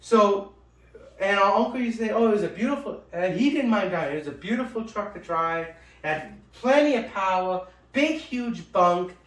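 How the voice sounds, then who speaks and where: A man telling funny family stories in casual chat, animated and swearing freely as he acts out the people in them. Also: sits high, normal speed. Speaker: storyteller, co-host. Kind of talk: casual storytelling. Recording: echoey room, mic at a distance.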